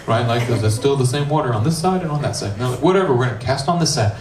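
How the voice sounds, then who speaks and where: A man preaching a youth sermon, a middle school pastor who retells the story in a lively, casual way and acts out the characters' lines. His voice sits at an average pitch and is heard from some distance in an echoey room. A faint ambience runs behind him. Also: fast talker, few pauses, slight background noise. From United States. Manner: animated storytelling, acting out dialogue with casual asides.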